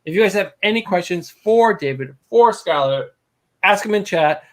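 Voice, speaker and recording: A man's voice: sits high, animated, normal speed. New England man, loose live-stream host. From New Hampshire. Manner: loose, rambling, drinking beer on air. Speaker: podcast co-host. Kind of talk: casual live-stream chat.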